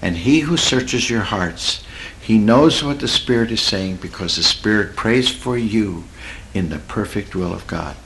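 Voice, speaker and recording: Male preacher, animated pitch, folksy teaching sermon with a faint hiss of room noise behind him. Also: vocal fry, low-quality recording. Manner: conversational, folksy, laughs at own stories; drawls and slows for emphasis, swoops in pitch.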